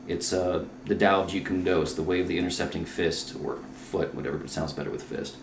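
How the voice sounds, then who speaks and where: A man's voice: deep voice, steady tone, fast talker, echoey room, background noise. A man, a comedian guest on a podcast at his own house, talking casually in a loose, self-mocking way with some profanity.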